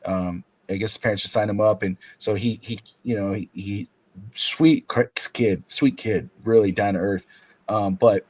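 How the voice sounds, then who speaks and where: A man co-hosting a sports talk stream, telling a long story about coaching kids' basketball in casual chat, jumping high in pitch when acting out quotes. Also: fairly even intonation, normal speed, a little mellow, poor audio. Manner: rambling storyteller, acts out quotes with big pitch jumps. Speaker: podcast co-host and youth basketball coach.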